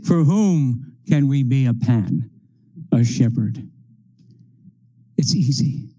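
A man preaching a sermon, working through numbered points in a slow, measured way. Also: medium pitch, animated, warm tone, low-quality recording.

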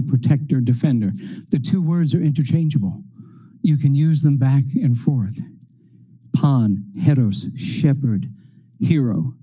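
A man preaching a sermon, working through numbered points in a slow, measured way. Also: medium pitch, dark tone, slightly rough, rough recording.

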